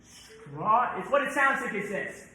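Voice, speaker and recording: A man's voice: high voice, animated, unhurried, pushed and bright, a little hiss or hum. A man directing a choir rehearsal, breaking into song to demonstrate and stopping often to correct the singers. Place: church sanctuary. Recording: very echoey church room.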